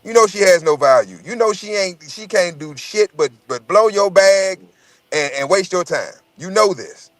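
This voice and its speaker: A man's voice: high voice, lively intonation, normal speed, a bit bright, no echo. A man in casual chat, telling profane, rambling stories and repeating his words as he goes.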